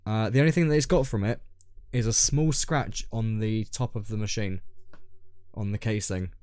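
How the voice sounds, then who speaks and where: A man's voice: on the low side, fairly even intonation, moderate pace, a little mellow, clear, resonant tone, no room sound, clean studio sound. A young man from Scotland, co-hosting a podcast, telling a long story in casual chat, full of ums and restarts. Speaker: podcast co-host.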